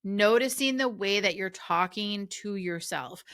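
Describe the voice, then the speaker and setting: A middle-aged woman life coach and podcast host, talking casually with chatty asides in a warm coaching tone. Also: medium pitch, a little slow. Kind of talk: casual solo podcast talk.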